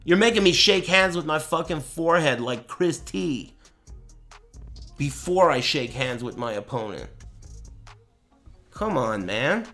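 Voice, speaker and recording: A male streamer talking to his chat through a desk mic, animated and profane. His voice sits a little high and leaps around, and it has a bright, sharp edge as he mocks and jokes. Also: a little slow, long pauses, soft background music. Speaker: streamer reacting to a tournament. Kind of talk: casual livestream rant.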